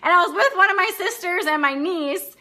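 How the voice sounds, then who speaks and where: A high, bright-voiced woman leads a live online coaching class. She talks off the cuff and bluntly, swearing freely and laughing often as she answers viewers' comments. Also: a little fast.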